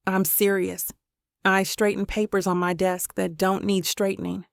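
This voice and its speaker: A woman narrating a first-person romance audiobook in a measured, introspective way on a close mic. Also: mid-range voice, little pitch movement, creaky, no echo.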